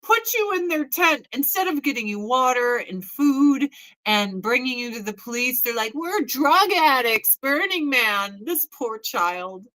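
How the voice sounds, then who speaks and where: Profane, bright-voiced woman in her forties. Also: a little high, animated, a little slow, poor audio. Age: 40s. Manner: blunt, profane, mocking mimicry. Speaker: host. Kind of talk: casual chat.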